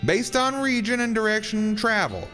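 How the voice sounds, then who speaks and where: A brisk, helpful woman clerk explaining how things work, as a male streamer lifts his voice to play her. The delivery is quick and matter-of-fact over soft game music. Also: sits high, sing-song, pitched above the performer's own voice, exaggerated voice.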